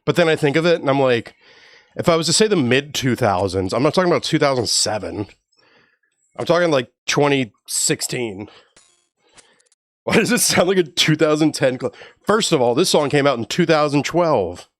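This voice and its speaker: A man's voice: mid-range voice, animated, normal speed, dry recording. A young man chatting casually on a live stream while walking, slangy and joking as he rambles. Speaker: livestreamer.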